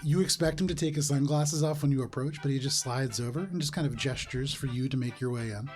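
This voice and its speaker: A man's voice: mid-range voice, quick pace, darkish tone, faint music behind. Casual man narrating as game master. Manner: casual, descriptive, with frequent fillers.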